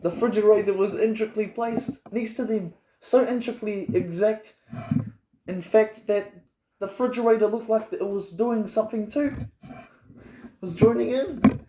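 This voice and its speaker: A man's voice: high-pitched, fairly even intonation, normal speed. A man improvising a rambling, boastful, absurd comic story, recorded in an echoey room. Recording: roomy echo with faint noise.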